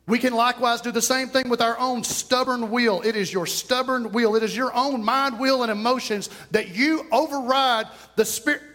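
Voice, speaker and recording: A man preaching a lively, storytelling sermon, out of breath, shouting at moments. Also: very high voice, normal speed, few pauses. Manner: storytelling, animated, breaks into shouts and laughs. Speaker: pastor. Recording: long hall reverb.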